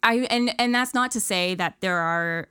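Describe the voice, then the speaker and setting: A woman's voice: medium pitch, moderate pace, bright, forceful tone, clean tone, dry recording, clean studio sound. A woman hosting a casual interview, asking curious, reflective questions. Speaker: host.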